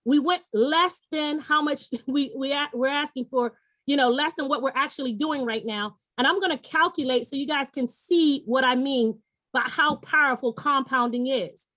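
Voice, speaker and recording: A middle-aged woman with a high, upbeat voice pitches an investment to a webinar audience, coaxing them directly. She speaks over a video call with a dry, close sound and no room echo. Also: normal speed, bright, forceful tone. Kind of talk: persuasive sales pitch.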